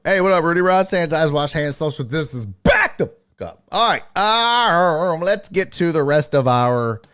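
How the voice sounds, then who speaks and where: Profane, animated sports-stream host. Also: male voice, mid-range voice. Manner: profane, blunt, animated, mocking. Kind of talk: casual sports talk stream, reading chat.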